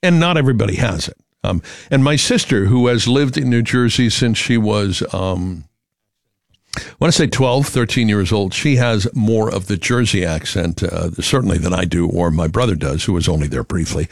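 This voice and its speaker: A man's voice: fairly low pitch, normal speed, creaky, dry recording, clean studio sound. A middle-aged man from Massachusetts with a New England accent, hosting casual radio chat in a rambling, self-correcting way. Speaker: radio host.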